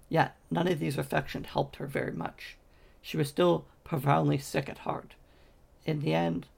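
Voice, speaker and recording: A man reading a fantasy novel aloud in a steady storytelling manner, with occasional slips and restarts. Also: a little high, creaky, breathy edge. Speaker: audiobook reader.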